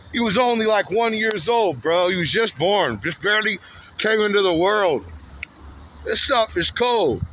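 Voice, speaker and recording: This walking-vlog story comes from a man from Santa Ana, California, speaking outdoors on a street in a high-pitched, fairly bright voice. The lo-fi recording carries a little hiss or hum. His telling is rambling, repetitive, and heated, with "man" and "bro" tacked onto many lines.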